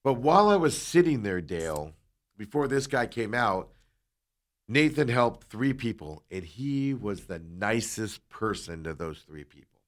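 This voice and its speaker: A man on a talk show, casually telling a long story and animatedly acting out the people in it, sometimes dropping into quiet asides. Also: fairly low pitch, very animated, a little slow. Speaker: co-host.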